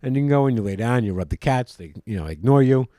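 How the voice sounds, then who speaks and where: A man's voice: mid-range voice, animated, fast talker, dark tone, dry recording, clean studio sound. A man with a Long Island accent, rambling loosely as a podcast co-host in casual chat. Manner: chatty, rambling with restarts.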